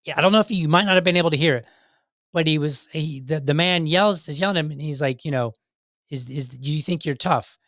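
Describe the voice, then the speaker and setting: A man's voice: fairly high pitch, quick pace, a bit bright, no echo, clean studio sound. A man hosting a podcast, giving casual, earnest commentary on videos, talking in a rambling way with restarts. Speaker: podcast host.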